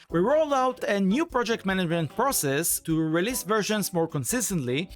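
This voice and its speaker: A man delivering a scripted conference talk, full of energy and salesmanship. His pitch swings widely as he pitches ideas, and faint music plays underneath. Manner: enthusiastic, pitching, playful. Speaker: conference speaker and framework core team member.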